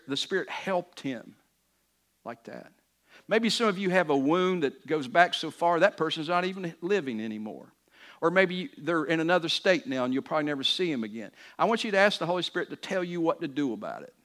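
A man preaching a sermon with a somewhat higher voice. He talks in an earnest, conversational way, restarting phrases and swelling to emphatic peaks. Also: expressive, moderate pace, fairly bright tone. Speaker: pastor.

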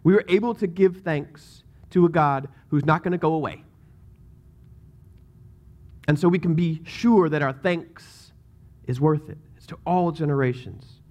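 Man, pastor, sermon, conversational, joking asides, emphatic scripture reading, slightly high voice. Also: measured pace, pauses often, darkish tone, lo-fi sound.

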